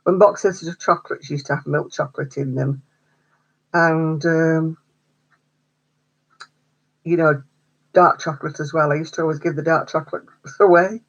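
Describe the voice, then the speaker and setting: A woman's voice: low-pitched, steady tone, normal speed, pauses often, slightly rough, dull audio. A woman hosting a craft livestream, chatting casually with viewers, answering their comments and laughing often. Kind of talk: casual chat with live viewers.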